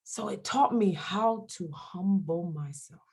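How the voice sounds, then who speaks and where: With a husky voice on the low side, she takes things slowly. She is a middle-aged radio host and comedian being interviewed candidly about faith, bringing her stories to life by performing the voices of people she quotes.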